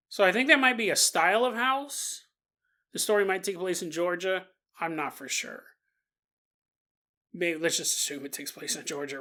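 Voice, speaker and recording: With a fairly low-pitched, slightly bright voice, a podcast host tells a paranormal tale in a chatty, joking manner. She acts out the characters as she narrates.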